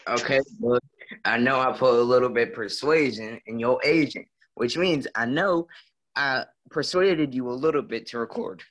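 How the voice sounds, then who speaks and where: A man's voice: medium pitch, moderate pace, fairly bright tone, low-quality recording. A man as a podcast guest, bantering casually with a teasing, crude joking manner.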